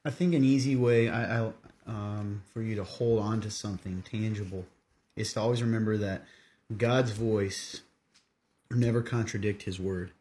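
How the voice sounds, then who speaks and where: A man's voice: fairly low pitch, steady tone, normal speed, mellow. A man hosting a casual faith podcast, plainly and steadily answering questions about the Bible. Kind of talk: casual teaching talk.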